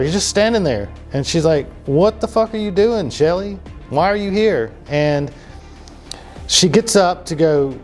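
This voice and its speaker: A man's voice: medium pitch, a little mellow. A man hosting a comedic true-crime podcast, telling the story in a loose, profane way full of fillers and asides. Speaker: podcast host.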